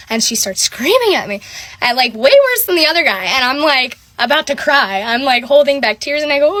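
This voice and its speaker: A young woman with a high voice tells a story in a casual vlog. She sounds exasperated and animated, and says "like" again and again. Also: brisk, no echo. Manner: exasperated, animated retelling with many "like"s. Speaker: vlogger.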